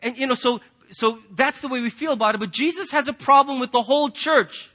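High, bright-voiced pastor preaching. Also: male voice, brisk. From United States. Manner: conversational and emphatic, with casual asides. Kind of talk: sermon.

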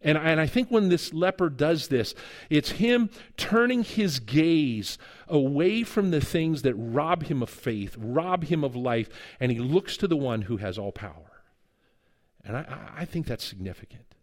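A man's voice: fairly high pitch, animated, unhurried. Male pastor preaching conversationally. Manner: conversational, acts out dialogue in the stories. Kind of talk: sermon with storytelling.

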